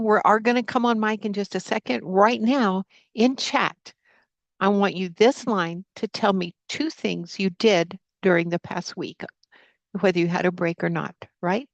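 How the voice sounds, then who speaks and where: A woman's voice: medium pitch, vocal fry, dry recording, highs cut off. A woman teaching a live online Spanish class, opening with a spoken prayer and then leading students through repeat-after-me drills. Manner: prays aloud, then drills vocabulary with repetition. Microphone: computer mic on a video call.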